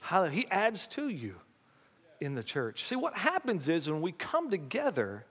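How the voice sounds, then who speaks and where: A man pastor delivers a folksy, animated sermon and calls on his congregation to answer back. His voice sits slightly high. It carries with a long reverb, as in a big church sanctuary. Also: moderate pace, breathy edge. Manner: folksy, animated preaching with call-and-response.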